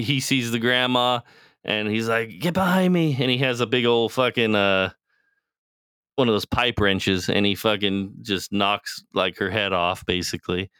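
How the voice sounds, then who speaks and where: Bright, smooth-voiced man rambling casually. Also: mid-range voice, no room sound, studio quality. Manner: rambling, profane, acts out characters' lines. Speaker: podcast co-host. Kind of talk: casual chat, retelling a TV show.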